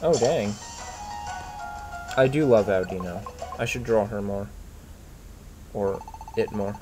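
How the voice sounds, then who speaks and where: A man's voice: fairly low pitch, takes it slowly, long pauses, warm tone, soft background music. Chatty man playing a video game. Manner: chatty, offhand. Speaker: let's player. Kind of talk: casual gameplay commentary.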